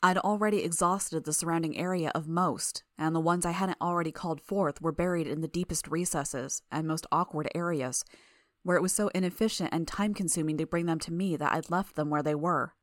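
Woman reading in a low, dry voice. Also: steady tone, a little fast, no echo. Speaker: audiobook narrator. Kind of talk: first-person fiction reading.

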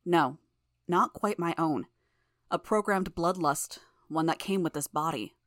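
A woman narrating a fan audiobook in the first person with a measured, even reading. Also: on the low side, dry recording, clean studio sound.

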